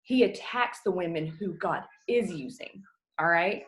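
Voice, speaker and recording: A woman's voice: fairly low pitch, measured pace. Earnest woman coaching her team. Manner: earnest, emotional, choking up at times; casual, with fillers like "like" and "y'all". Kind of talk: motivational talk on a video call. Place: home. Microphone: video call.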